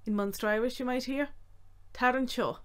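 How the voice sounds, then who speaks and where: A woman teaching Irish phrases, talking carefully and repeating each phrase slowly. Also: on the high side, smooth. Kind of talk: slow, clear language lesson.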